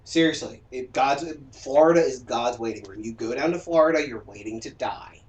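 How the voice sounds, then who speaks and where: A Southern man streams and chats casually, talky, lecturing and joking. His voice is mid-range at a moderate pace, and he sits far from the mic in an echoey room.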